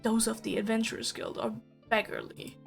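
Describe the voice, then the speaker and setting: A woman's voice: fairly high pitch, level tone, moderate pace, creaky, soft background music. A woman reading the part of a pompous, elegant male noble, in a flowery, formal and condescending way.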